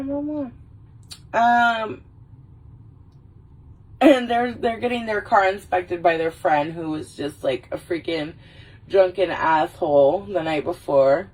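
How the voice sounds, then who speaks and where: A woman's voice: lowish voice, slow, long pauses, a little mellow. A woman hosting a casual livestream, rambling about movies, laughing and swearing as she goes. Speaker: livestream host. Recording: voice a little far from the mic.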